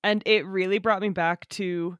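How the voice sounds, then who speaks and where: A woman's voice: medium pitch, steady tone, normal speed, no room sound, studio quality. A woman co-hosting a podcast in casual chat, rambling, poking fun at herself and laughing often. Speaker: podcast co-host.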